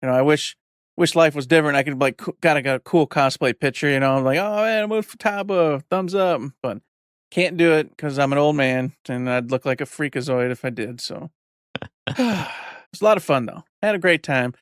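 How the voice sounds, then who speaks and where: A man's voice: mid-range voice, fairly quick, no echo, studio quality. A man in his forties telling a rambling story in casual podcast chat, acting out what people said. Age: 40s. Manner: rambling storyteller, acts out quotes. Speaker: podcast co-host.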